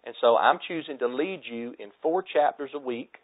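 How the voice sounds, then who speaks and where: Earnest thirties preacher, tinny lo-fi audio. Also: male voice, mid-range voice, normal speed. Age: 30s. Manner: earnest, exhorting preacher, drops to soft tones for emphasis. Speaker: pastor. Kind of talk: sermon.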